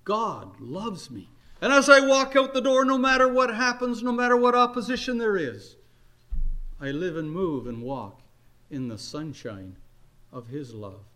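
Older male preacher, slightly high voice, earnest sermon storytelling with soft-to-loud swings.

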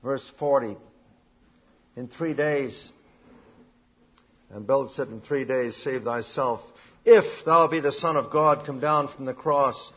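A man preaching a sermon, reading scripture aloud and building to emphatic, rising points, often clearing his throat. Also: medium pitch, slow pace, long pauses, lo-fi sound.

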